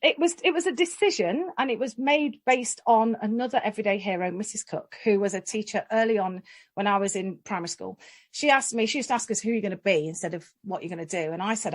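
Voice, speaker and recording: Woman in her 40s telling stories in an interview, lively, jokes at herself, laughs a lot. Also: fairly high pitch, brisk. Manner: lively, self-deprecating humour, laughs often. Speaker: guest. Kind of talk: interview storytelling.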